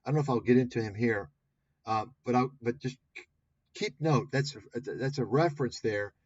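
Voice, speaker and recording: A man hosting a livestream, ranting about video clips with profane, combative scorn and a husky voice. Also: mid-range voice, moderate pace, darkish tone, no room sound. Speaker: commentary livestream host. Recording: dull lo-fi stream audio.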